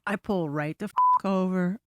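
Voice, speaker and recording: A woman's voice: on the low side, a little slow, raised voice, noisy background. Woman telling a wild story, profane. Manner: animated, profane, frequent asides. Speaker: podcast guest. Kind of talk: casual storytelling chat. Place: podcast studio.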